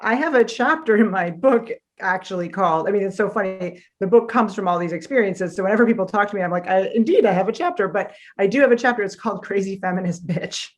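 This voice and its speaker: Animated woman guest telling stories. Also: medium pitch, fast, few pauses. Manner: animated storytelling, acts out quoted voices. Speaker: guest, author. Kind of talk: conversational interview.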